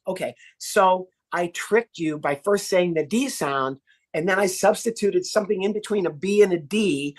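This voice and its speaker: An American man in his sixties, a ventriloquist guest on a podcast interview, teaching in an animated, demonstrative way. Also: high-pitched, moderate pace. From United States. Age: 60s. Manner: animated, demonstrative teaching, acts out little voices.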